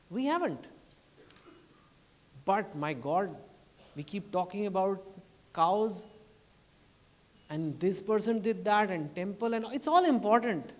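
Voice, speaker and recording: Impassioned Indian man speaking in hall. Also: high-pitched. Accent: Indian English. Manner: impassioned, pleading, rising to emphatic outbursts. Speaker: author speaking at a book launch. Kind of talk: public speech. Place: event hall.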